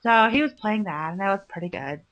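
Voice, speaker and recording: Brief: woman co-host, bright and animated, teasing, quick to laugh. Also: medium pitch. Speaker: podcast co-host. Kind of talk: casual chat.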